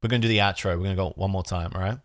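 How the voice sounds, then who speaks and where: A young Australian man chatting casually on a live stream, relaxed and talky, redoing his outro lines. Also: low-pitched, very fast, dry recording, studio quality. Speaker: streamer and card collecting host.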